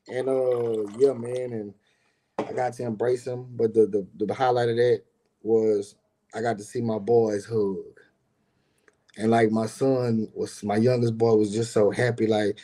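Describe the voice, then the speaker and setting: This middle-aged man, a business owner, speaks at a normal speed in a fairly low, warm voice that barely moves in pitch. He rambles through a personal story in slang, cursing openly and addressing his viewers directly, in a casual monologue.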